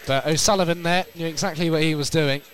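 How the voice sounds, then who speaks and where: A man from North East England commentates on an outdoor football match at pace, going higher and louder when the action peaks. His tone is steady, clean, and a bit bright.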